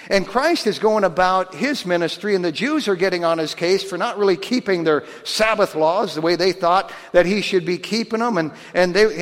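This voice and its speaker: A man preaching a sermon with a high, bright voice, his words ringing out in a hall with a long reverb. He talks in a folksy, animated way and acts out the voices of the people in his stories.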